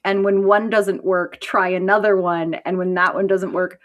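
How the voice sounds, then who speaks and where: A woman's voice: medium pitch, level tone, normal speed, a bit bright, muffled recording. A woman co-hosting a podcast, making a wry, sarcastic point in casual chat. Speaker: podcast co-host.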